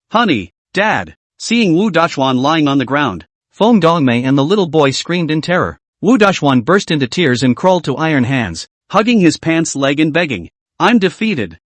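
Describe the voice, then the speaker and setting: Lively male story recap narrator. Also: fairly high pitch, no room sound. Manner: first-person storytelling, brisk.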